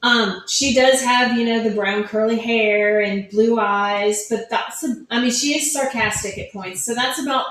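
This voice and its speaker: A middle-aged woman chats easily about her books, slipping into quick voices for the people in her stories. Her voice sits a little high and rings in a very echoey room. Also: fairly even intonation, a bit bright. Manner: chatty storytelling, acts out family quotes. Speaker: author guest. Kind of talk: casual interview chat.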